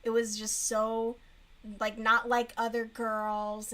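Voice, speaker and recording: High-voiced woman chatting bluntly. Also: monotone, takes it slowly, a bit bright. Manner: blunt, frank, mocking book review with laughs. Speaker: streamer. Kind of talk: casual chat while crocheting.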